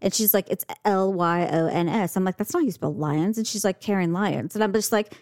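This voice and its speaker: A woman's voice: fairly quick, dry recording, clean studio sound. A woman co-hosting a casual chat, telling stories and acting out quoted voices. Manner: animated, acts out quotes in high voices. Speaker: podcast co-host.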